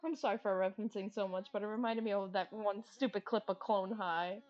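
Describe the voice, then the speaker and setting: A woman's voice: medium pitch, steady tone, brisk, darkish tone. A woman streamer chatting casually and rambling, giggling often and swearing freely as she jokes around. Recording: dull lo-fi stream audio.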